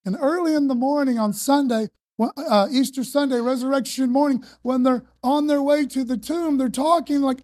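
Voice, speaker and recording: A woman's voice: high-pitched, moderate pace, few pauses, darkish tone, dry recording, clean studio sound. Casual, slangy woman preacher. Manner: conversational, slangy, emphatic. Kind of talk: sermon.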